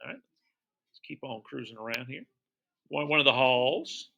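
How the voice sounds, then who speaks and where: A man's voice: mid-range voice, a little slow, vocal fry, bright, forceful tone, highs cut off. A middle-aged man teaching, narrating his travel photos for students in a chatty, enthusiastic way and quizzing them as he goes. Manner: chatty, enthusiastic, repeats words and quizzes listeners.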